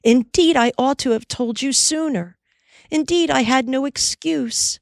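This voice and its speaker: A woman's voice: high voice, unhurried, gravelly, no echo, clean studio sound, pitched above the performer's own voice. Woman voicing a trembling, remorseful young woman. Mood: pleading. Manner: pleading, trembling delivery.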